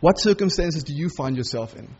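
A man's voice: a little high, expressive, brisk, a little mellow, slightly rough, highs cut off. A man preaching a sermon through a Bible passage, acting out the quoted lines as he goes.

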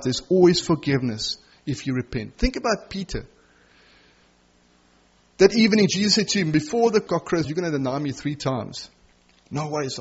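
A middle-aged man preaching a sermon with passion, rising to loud emphasis and dropping to soft, tender asides. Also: on the high side, husky, muffled recording.

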